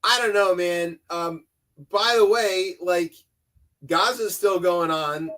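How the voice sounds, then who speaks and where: A man's voice: high-pitched, takes it slowly, sharp tone. A man co-hosting a comedy news podcast, talking in a sarcastic, rambling way. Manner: sarcastic, rambling, does mocking voices. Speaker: podcast co-host.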